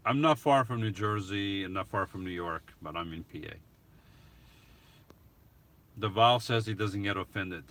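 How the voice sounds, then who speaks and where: A man answering viewers' questions in a casual live stream, talking haltingly with restarts and soft chuckles. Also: lowish voice.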